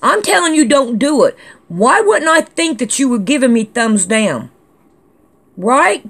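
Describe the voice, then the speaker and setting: Woman vlog host, fairly high voice, slow drawl, chatty and scolding. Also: sing-song, fairly bright tone. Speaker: channel host reading comments. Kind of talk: casual comment-reading vlog.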